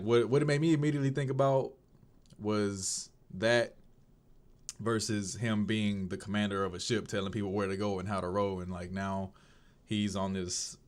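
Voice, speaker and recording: Man, fairly low voice, casual reflective diary talk, rambling, searching for words. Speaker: video diarist.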